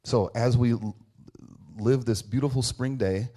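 A man's voice: mid-range voice, measured pace, dark tone. A man in his thirties giving a casual, conversational sermon as a pastor. He talks informally and earnestly, tells personal stories and keeps checking in with "right?". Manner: informal, repeats "right?" often, restarts phrases.

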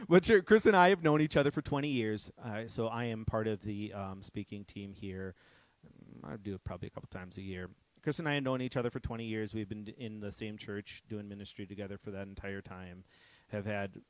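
Animated man telling a story in a sermon. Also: on the low side, no room sound. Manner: animated storyteller, many restarts. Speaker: guest speaker at church.

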